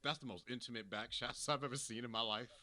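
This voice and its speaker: A man's voice: medium pitch, quick pace, sharp tone. A man co-hosting a casual film review chat, joking and retelling scenes. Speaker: co-host.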